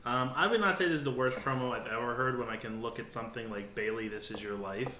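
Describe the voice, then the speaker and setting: A man's voice: mid-range voice, fast talker, bright, forceful tone, roomy sound, slight background noise, rough recording. A man on a podcast, arguing about a wrestling promo in jokey, opinionated casual chat. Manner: argumentative, jokey, swears. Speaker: podcast co-host.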